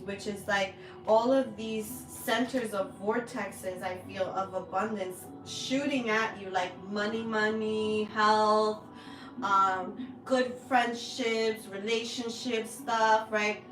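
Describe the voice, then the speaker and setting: A woman hosting a spiritual tarot reading, speaking slowly and with open emotion. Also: mid-range voice, steady tone, fairly bright tone, echoey room, distant mic, soft background music. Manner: slow, heartfelt and emotional, with drawn-out words. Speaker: spiritual reader, channel host. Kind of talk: tarot energy reading, personal sharing.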